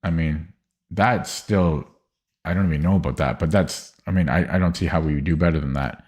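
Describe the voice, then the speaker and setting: A man's voice: rumbling low, fairly quick, a little mellow. A man streaming chess puzzles, thinking aloud in a hesitant, muttering way with many fillers and restarts.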